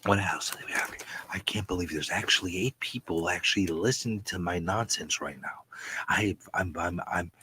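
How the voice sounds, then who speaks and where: A man on a live stream doing a mock-seductive, hushed, calm voice in a low, breathy half-whisper. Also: heavily acted. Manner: slow, soft, teasingly sultry. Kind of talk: live-stream comic put-on voice.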